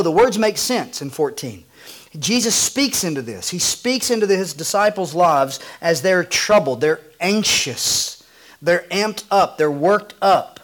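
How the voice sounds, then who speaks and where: A pastor with a voice sitting a bit higher than most men's preaches a sermon. He moves between hushed, low readings of scripture and brighter, lifted passages. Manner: drops to a hushed low voice for quoted scripture, rising when excited.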